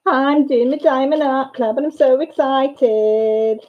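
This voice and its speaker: A woman hosting a casual chat livestream, excitable, laughing and greeting viewers by name. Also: sits high, slow. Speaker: livestream host. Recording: dull lo-fi livestream sound.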